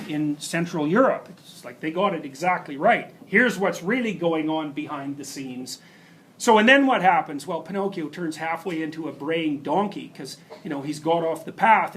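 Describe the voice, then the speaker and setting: A man's voice: a little high, fairly bright tone, a little hiss or hum, poor audio. A man giving a university lecture, telling stories emphatically with rhetorical questions and asides. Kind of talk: classroom lecture.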